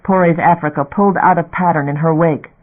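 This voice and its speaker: Male audiobook narrator, fairly high voice, steady dramatic read, phone-like narrow recording. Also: brisk.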